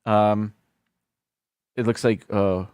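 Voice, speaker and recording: A man's voice: fairly low pitch, flat delivery, slow, a little mellow, clear, resonant tone, no echo, studio quality. A man hosting a livestream, casually reading a list aloud, stumbling over foreign words and adding self-deprecating asides. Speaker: livestream host.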